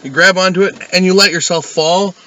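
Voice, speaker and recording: A young man with a high, bright, crisp voice lays out a ridiculous plan in dead earnest among friends. He keeps a straight face while he explains it. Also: a little fast, poor audio. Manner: earnest, explaining with mock seriousness. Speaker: podcast co-host. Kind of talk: casual chat among friends.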